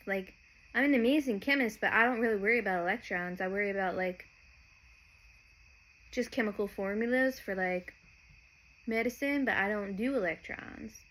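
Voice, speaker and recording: Her voice is medium-pitched and a bit bright, moving at normal speed with long pauses, and the audio is poor. As a young podcast host from Nashville, Tennessee, she gives a rambling, chatty monologue, repeatedly breaking off mid-sentence to start over.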